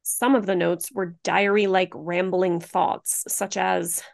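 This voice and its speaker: A woman's voice: on the low side, little pitch movement, slow, gravelly. A woman co-hosting a true-crime podcast, chatty and blunt, swearing often and filling her talk with "like.". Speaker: podcast co-host.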